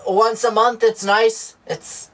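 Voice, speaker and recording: A man playing a deadpan male market vendor in an improvised comedy sketch, calm and matter-of-fact. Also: high-pitched, takes it slowly, voice pushed up.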